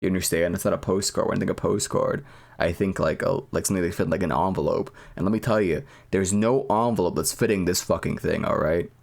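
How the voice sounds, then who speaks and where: A man's voice: low-pitched, fast talker, vocal fry. A man streaming, chatting casually and profanely, rambling and laughing at himself.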